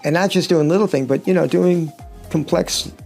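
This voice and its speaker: Middle-aged man, gravelly, fairly high voice, rambling wry storyteller, casual interview chat. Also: moderate pace, darkish tone, faint music behind. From United States. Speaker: touring guitarist, guest.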